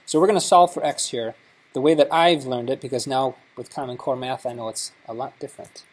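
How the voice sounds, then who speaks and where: A man with a husky, slightly breathy voice leads a conference workshop, walking through an app step by step in an easygoing, chatty way. His pitch sits in an ordinary middle range. It sounds like a live session in a meeting room. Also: fairly quick, rough recording. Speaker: workshop presenter. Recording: live conference talk recording.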